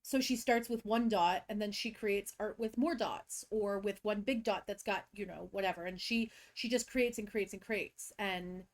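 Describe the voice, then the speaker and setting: A young woman with a stuffed-up cold co-hosts a casual podcast. She tells school stories with lively energy and slips into her students' voices. Her pitch sits in an ordinary middle range. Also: moderate pace, few pauses. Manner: animated storyteller who acts out kids and teachers. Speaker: podcast co-host, teacher. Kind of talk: casual chat, storytelling.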